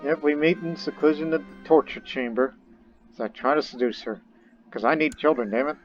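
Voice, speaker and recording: A man's voice: mid-range voice, normal speed. Rambling man narrating a strategy game. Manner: rambling, thinks aloud while playing. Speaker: let's play gamer. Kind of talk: casual gameplay commentary. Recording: dull lo-fi recording with faint game music.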